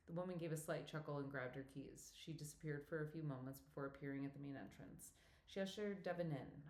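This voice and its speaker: A woman narrating an audiobook in a measured, even storytelling manner. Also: deep voice. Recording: echoey room.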